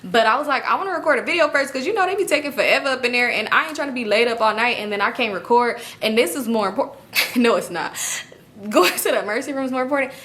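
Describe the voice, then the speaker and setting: A young woman vlogger telling a casual storytime to her viewers, animated and profane, with laughing asides. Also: a little high, quick pace.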